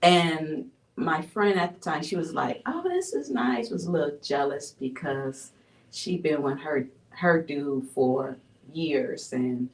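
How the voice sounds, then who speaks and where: A woman from Buffalo, New York sharing a personal testimony as an interview guest, telling her story in an animated way with frequent laughs. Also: low voice, slow. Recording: roomy sound from a distant mic.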